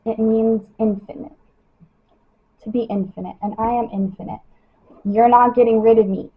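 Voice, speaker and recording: A young woman with a slightly husky, fairly high voice talks to her followers in a loose, rambling way, full of fillers. The sound is dull and lo-fi, like a phone livestream. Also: steady tone, normal speed. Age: young adult. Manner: chatty, lots of "like" and "you know". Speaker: model livestreaming her skincare routine. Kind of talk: casual livestream chat.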